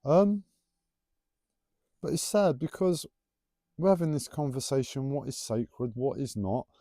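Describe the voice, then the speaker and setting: Animated man musing playfully. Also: medium pitch, no room sound, clean studio sound. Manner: playful, rambling, teasing. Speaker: livestreamer. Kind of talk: casual spiritual musing monologue.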